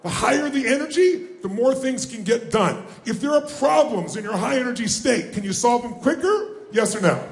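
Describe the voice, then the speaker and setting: A man giving a motivational seminar, rallying a live audience with questions and call-and-response, often shouting. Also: very high-pitched, animated, normal speed, hardly any pauses. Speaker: motivational speaker. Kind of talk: live seminar address to a crowd. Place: large event hall with a live audience. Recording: echoey hall, faint ambience.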